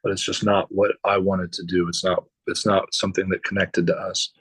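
A musician telling stories about touring with other bands in a loose, rambling way, with lots of fillers and swearing. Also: male voice, sits low, flat delivery, a little fast, a bit bright, husky, dry recording, rough recording. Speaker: musician guest. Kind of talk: casual storytelling.

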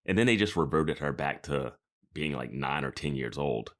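Very deep-voiced animated podcast man. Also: normal speed. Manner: animated, rambling, bursts of laughter. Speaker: podcast co-host. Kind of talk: casual chat.

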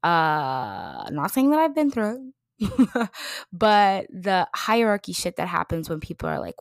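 A young woman from the United States hosting a podcast in casual chat, effusive and emotional, moving between quick excited bursts and slow, soft passages. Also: mid-range voice, dry recording, clean studio sound. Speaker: podcast host.

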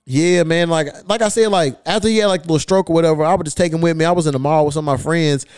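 A man's voice: fairly high pitch, racing, darkish tone, smooth, no echo, clean studio sound. A podcast host telling a long, profane story in casual chat, acting out the people he quotes. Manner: profane, acts out quoted voices.

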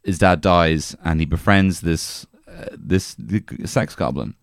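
Deep-voiced man rambling in comedy chat. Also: gravelly, dry recording, clean studio sound. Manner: rambling, halting, crude. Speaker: podcast co-host.

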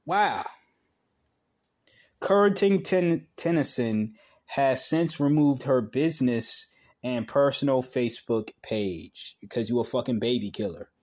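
A man reading a news article aloud in a slow, halting way, breaking off for blunt, profane asides. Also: mid-range voice, expressive, darkish tone. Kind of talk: casual commentary reading aloud.

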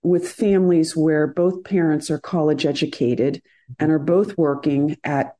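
Mellow-voiced woman surgeon, measured. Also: low voice, fairly even intonation. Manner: measured, earnest, with hesitant fillers. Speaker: orthopedic surgeon guest. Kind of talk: podcast interview, explaining.

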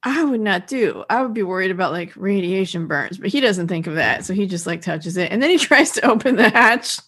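A woman with a mid-range voice co-hosts a podcast, retelling a TV episode scene by scene. She keeps a steady storytelling flow, broken by wry remarks and brief laughs. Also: mid-range voice, husky. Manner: narrates plot steadily, with quick laughs and wry comments. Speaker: podcast co-host. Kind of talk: casual chat recapping a TV episode.

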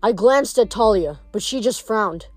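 A woman's voice: medium pitch, lively intonation, a little slow, a little mellow, soft background music. A woman reading a novel aloud in a casual manner, stumbling and restarting words now and then. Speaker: reader.

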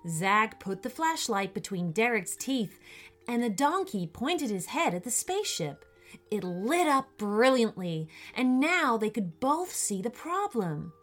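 A woman reading a children's bedtime story slowly and expressively. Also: fairly high pitch, very animated, a bit bright, faint music behind.

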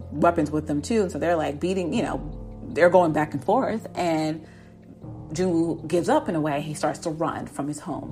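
Chatty woman recapping a drama. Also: lowish voice. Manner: chatty, laughs often, acts out characters' lines. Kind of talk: casual episode recap.

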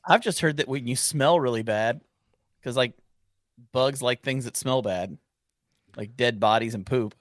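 A man of average pitch chatting on a podcast, relaxed and teasing in his manner. He agrees readily and talks in an easy, friendly way. The recording is dry and close. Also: no room sound. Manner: easygoing, quick to agree, teasing. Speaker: podcast co-host. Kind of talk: casual chat.

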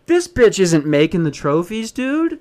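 A man's voice: fairly high pitch, lively intonation, measured pace. A man hosting a solo podcast, talking in a blunt, profane, self-deprecating casual rant. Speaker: podcast host.

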